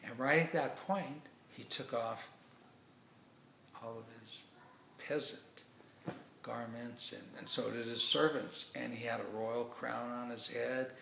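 A man's voice: medium pitch, steady tone, slow pace, vocal fry, bright, forceful tone, a little hiss or hum. A man preaching, telling a story as a sermon illustration in a rambling way with many restarts. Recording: echoey room.

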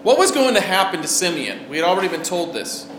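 A pastor preaches earnestly in a high voice that swoops wildly in pitch, talking fast and putting questions to his listeners along the way. The recording has roomy echo and faint background noise.

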